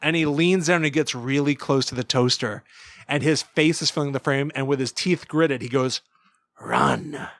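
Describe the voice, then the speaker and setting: A man's voice: fairly high pitch, brisk, dry recording. A man in his thirties co-hosting a podcast, retelling a story in casual chat and acting out bits of it. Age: 30s. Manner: animated storytelling, acting out lines with laughs. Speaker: podcast co-host.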